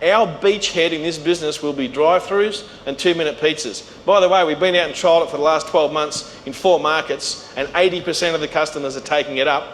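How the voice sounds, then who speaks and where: A middle-aged Australian man with a slightly high voice tells business stories on stage, bringing the people he quotes to life. His voice carries through a large hall with a long reverb. A faint hum sits behind it. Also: fairly quick, hardly any pauses. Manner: animated, acts out quoted voices. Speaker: keynote speaker. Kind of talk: storytelling business talk.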